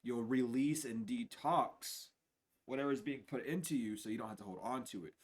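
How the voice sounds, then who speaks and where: A man speaks into a home streaming setup as he gives a spiritual reading, his voice sitting at an ordinary middle pitch. He is loose and profane, sliding from quiet muttering into loud, laughing outbursts. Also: moderate pace. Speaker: spiritual reader.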